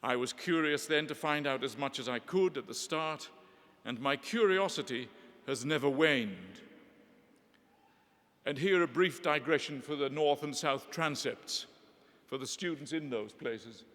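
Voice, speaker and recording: A man's voice: mid-range voice, a bit bright. Older man's reflective speech, long cathedral echo. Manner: measured, reflective, eloquent. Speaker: honorary graduate giving a speech. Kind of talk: formal ceremonial address. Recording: long reverb of a large hall.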